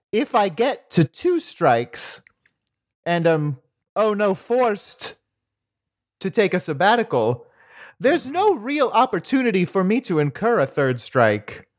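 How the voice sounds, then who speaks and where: A man in an improvised comedy role-play, talking in an animated, playfully defensive way. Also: high voice, slow pace, long pauses.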